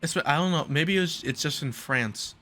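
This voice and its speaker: A young man co-hosting a casual podcast, chatting and joking with quick asides. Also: fairly high pitch, bright, forceful tone. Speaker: podcast co-host. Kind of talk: casual chat.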